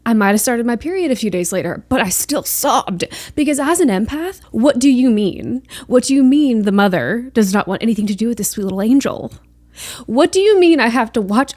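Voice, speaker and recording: A woman's voice: medium pitch, lively intonation, moderate pace, no room sound. A young woman hosting a podcast, chatting casually and emotionally, gushing with lots of fillers. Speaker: podcast host. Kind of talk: casual chat.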